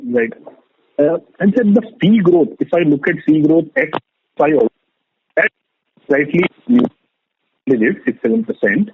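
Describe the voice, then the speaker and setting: A man's voice: fairly high pitch, animated, unhurried, vocal fry, long pauses, breathy edge, no room sound. A man, an analyst, asking hesitant questions on an earnings call, full of fillers. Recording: tinny phone line.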